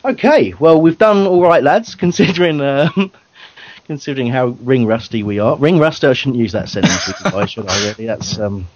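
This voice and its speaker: A man's voice: mid-range voice, animated, a little fast, no echo. Chatty man hosting a fan show. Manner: chatty, self-deprecating, laughs often. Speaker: fan radio show host. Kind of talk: casual banter hosting. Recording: dull, dry lo-fi recording.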